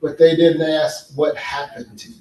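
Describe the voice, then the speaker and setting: Speaking at a moderate pace in a slightly high, a little mellow voice with little pitch movement, a man delivers an earnest talk on men's healing at a conference. He shares stories and asks the audience questions in a large hall, and the sound is echoey with the mic well away from him.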